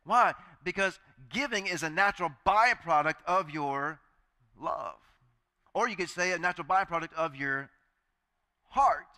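A man's voice: sits high, a little slow, bright, forceful tone. A male pastor preaching a sermon in a chatty, joking way, acting out the voices he quotes.

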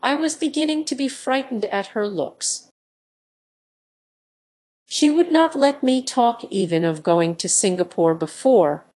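A woman reading a classic novel aloud as an audiobook narrator, in a measured, steady manner. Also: fairly high pitch. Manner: slow, measured reading with quoted voices kept close to her own. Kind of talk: scripted narration.

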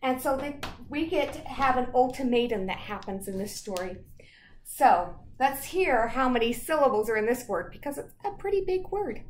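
A woman teacher sounding out words slowly and reading a picture book aloud to children. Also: high voice, lively intonation, roomy sound, a little hiss or hum. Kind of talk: storytime lesson and read-aloud.

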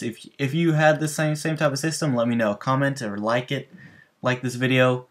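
A man hosting a gaming channel, telling loose, rambling stories over gameplay and talking straight to his viewers. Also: mid-range voice. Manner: rambling, loose, full of restarts and asides to viewers. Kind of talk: casual storytelling over gameplay.

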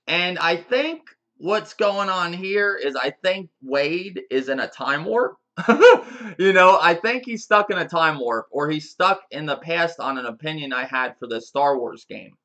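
A man's voice: on the high side, bright, forceful tone. A man giving a casual, profane rant to his viewers as a gaming YouTuber, with frequent chuckles and restarts.

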